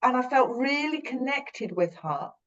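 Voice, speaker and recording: A woman's voice: high voice, expressive, measured pace, fairly bright tone, lo-fi sound. Earnest British woman telling a story. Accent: British English. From Britain. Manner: rambling, self-correcting, earnest. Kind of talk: reflective conversational storytelling.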